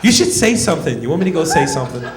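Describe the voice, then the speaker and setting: A man's voice: medium pitch, very fast, reverberant, crowd noise, close to an everyday voice. A man voicing his young white friend, an offended, earnest boy. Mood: indignant. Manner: incredulous, earnest.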